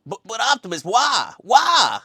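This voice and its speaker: A man voicing a nervous male robot engineer who stammers in a high, whiny voice. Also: huge pitch swings, measured pace, creaky, pushed and bright, husky, no echo, clean studio sound, exaggerated voice. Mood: flustered.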